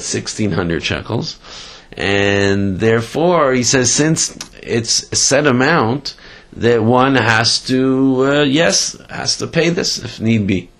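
A man telling a story in a Torah class, halting with many fillers and animated retelling. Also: medium pitch. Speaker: Torah teacher.

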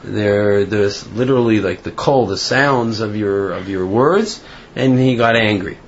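A man with a lowish voice speaks unhurriedly, teaching an informal Torah class in a chatty, storytelling manner full of fillers. The recording is dull and lo-fi, with faint noise.

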